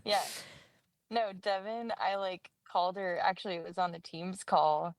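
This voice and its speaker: A woman's voice: lowish voice, moderate pace, no room sound. A woman in casual chat, telling stories and acting out quoted lines with laughter. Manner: chatty storyteller, often laughing, acts out quotes. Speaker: guest co-host, younger sister.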